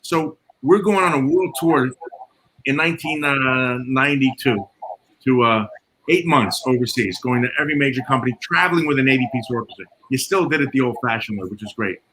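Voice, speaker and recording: A man working as a sound engineer tells animated stories, acting out quoted dialogue. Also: mid-range voice, a little fast, rough recording. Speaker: guest, concert and theater sound engineer. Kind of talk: storytelling in casual chat. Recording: noticeable background noise.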